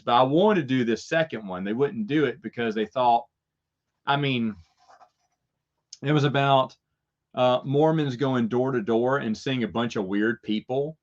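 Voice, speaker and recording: A man's voice: medium pitch, a bit bright, dull audio. A man hosting a casual Q&A chat, rambling through stories and chuckling at his own jokes. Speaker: host answering viewer questions.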